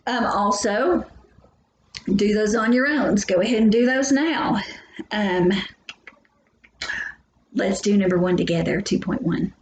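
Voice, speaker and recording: A woman's voice: mid-range voice, unhurried, pauses often. A woman teaching a biology lesson in a chatty, joking way, talking straight to her students. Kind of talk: recorded lecture. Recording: echoey room, faint hum.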